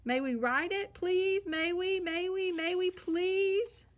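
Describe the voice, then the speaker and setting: A woman voicing whiny, pleading little bear cubs, sister and brother, in a storybook reading. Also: takes it slowly. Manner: pleading, excited, high and loud.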